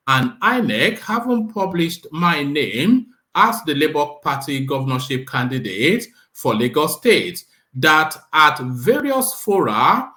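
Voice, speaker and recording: A man's voice: fairly high pitch, pushed and bright. A man hosting a political talk show, emphatically reading a legal document aloud. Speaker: host. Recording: roomy echo.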